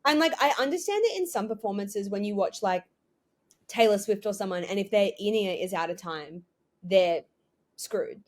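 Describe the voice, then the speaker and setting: A woman's voice: mid-range voice, moderate pace. A young woman, co-hosting a casual chat with dry, joking asides. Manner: wry, joking, fond of comic asides. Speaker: podcast co-host.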